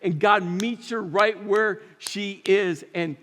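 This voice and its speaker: A man preaching a sermon as pastor, swinging between loud emotional rises and quiet drops. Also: sits high, slow. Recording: long church reverb.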